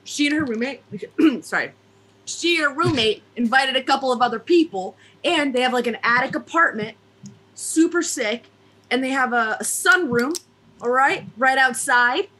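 A woman's voice: fairly high pitch, animated, a little slow, pushed and bright, slightly rough, full character voice. A woman telling a story in a put-on Italian-American New Jersey accent, hammy and swearing freely. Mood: playful. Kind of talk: casual podcast storytelling.

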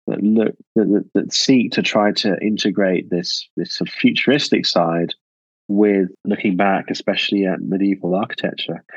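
A man's voice: lowish voice, a little mellow, dry recording, muffled recording. A man answering interview questions about architecture, thoughtful and full of restarts and fillers.

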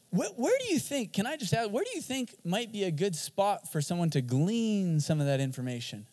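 Man, pastor, sermon, high voice, lively and emphatic, joking, long hall reverb. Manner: energetic, joking, emphatic preaching.

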